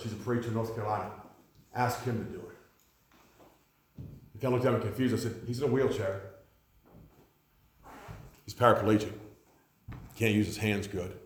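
A preacher in his forties delivers a sermon in a lowish voice, telling stories and putting on the voices of the people in them. The sound is roomy, with the echo of a church hall around him. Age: 40s. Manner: storytelling, acts out quoted voices. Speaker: pastor.

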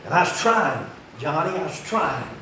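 A preacher in his fifties with a fairly high voice, heard in a very echoey church from some way off the mic. He swings from hollered lines to hushed asides. Faint room sound sits behind him. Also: very animated, moderate pace, distant mic, slight background noise. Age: 50s. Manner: swings from shouting to low, quiet asides. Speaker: pastor. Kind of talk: fiery sermon. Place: church sanctuary.

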